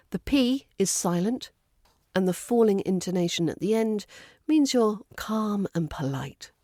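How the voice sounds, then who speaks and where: A woman's voice: mid-range voice, animated, unhurried, warm tone, no echo, studio quality. A woman with a British RP accent, an accent coach reading a scripted lesson and modelling phrases carefully. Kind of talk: scripted teaching narration.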